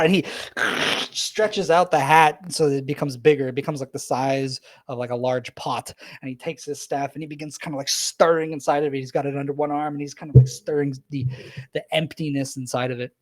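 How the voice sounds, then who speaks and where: A man narrating a tabletop game as the game master, describing events in a casual, animated way. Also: medium pitch, brisk, no echo.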